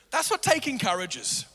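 A middle-aged man preaching a sermon as pastor, animated, acting out quotes in a raised voice. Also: extremely high pitch, breathy edge. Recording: long hall reverb.

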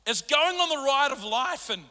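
A middle-aged man preaching a sermon as pastor, animated, acting out quotes in a raised voice. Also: very high voice, moderate pace. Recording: long hall reverb.

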